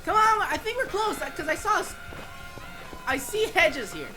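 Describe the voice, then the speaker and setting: A woman's voice: very high voice, big pitch swings, moderate pace, over music, rough recording. A woman streaming a horror game, reacting with jumpy swearing and chatting with her viewers. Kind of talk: live gameplay commentary.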